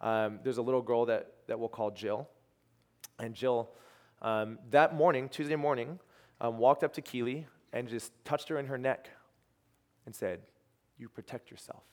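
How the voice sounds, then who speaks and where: A man's voice: medium pitch, moderate pace. A young adult man, a ministry team leader, telling a testimony story with lots of quoted dialogue and restarts. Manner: animated storyteller, quoting others, trailing restarts.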